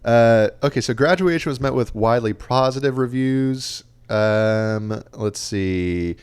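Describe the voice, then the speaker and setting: In casual podcast chat, a man in his late twenties reads aloud album statistics and quotes from reviews. He has a smooth, mid-range voice with a darkish tone and an unhurried pace.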